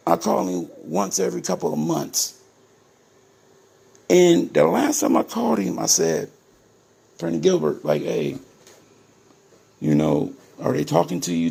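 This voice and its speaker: Gravelly-voiced man addressing viewers directly. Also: fairly high pitch, a little mellow. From Ohio, USA. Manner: emphatic and repetitive, addresses viewers as "people". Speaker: parent telling his story to viewers. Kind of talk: casual direct-to-camera monologue.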